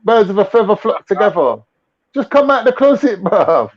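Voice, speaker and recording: A man's voice: high-pitched, moderate pace. Mocking London man, lo-fi stream. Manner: animated slangy banter, mocking. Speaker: livestream host. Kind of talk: casual livestream chat. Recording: lo-fi livestream audio.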